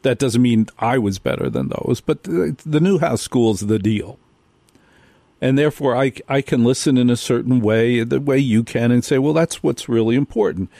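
A man's voice: mid-range voice, moderate pace, creaky, warm tone, no echo. A male radio host delivering a talk monologue, hammering his points with repetition. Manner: emphatic, repeats key points again and again.

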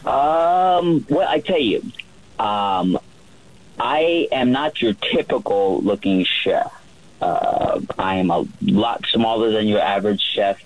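A man who works as a yacht chef, telling a relaxed story on the radio with many fillers and restarts. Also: on the low side, slow, low-quality recording.

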